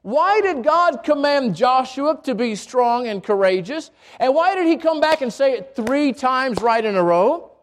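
A man preaching a sermon in a church, telling stories with animated delivery and acting out voices. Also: very high voice, unhurried, hardly any pauses. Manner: animated storytelling, acts out voices. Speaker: pastor. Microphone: handheld or wireless microphone.

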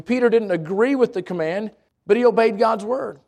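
A young man preaching a sermon, telling stories with lively acted-out asides to his congregation. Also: sits high, moderate pace, creaky. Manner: animated storytelling with acted-out asides.

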